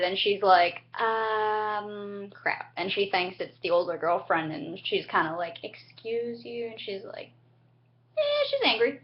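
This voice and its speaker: A young woman giving a chatty, casual recap of a TV episode, acting out the characters' lines with sudden high-pitched jumps. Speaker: TV recap vlogger. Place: home, indoors. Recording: dull lo-fi home webcam audio.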